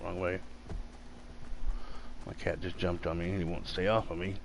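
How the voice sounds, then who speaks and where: Low-voiced man rambling while gaming. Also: flat delivery, vocal fry, background noise. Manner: rambling, halting, many fillers. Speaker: gaming streamer. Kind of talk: casual chat while gaming. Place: home room.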